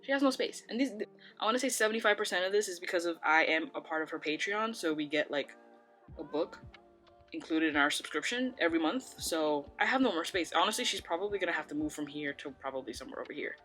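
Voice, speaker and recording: Young woman rambling about books, lowish voice, soft music behind. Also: expressive, fast talker. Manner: chatty, rambling with many "like"s. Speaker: book vlogger. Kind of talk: casual chat. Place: home room by bookshelves.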